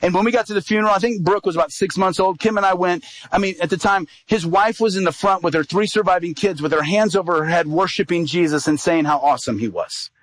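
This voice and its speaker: Male evangelist, fairly high voice, dry close sound, vivid sermon storyteller. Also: quick pace, hardly any pauses, no echo, rough recording. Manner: animated storyteller, acts out quoted dialogue, rises in pitch at climaxes.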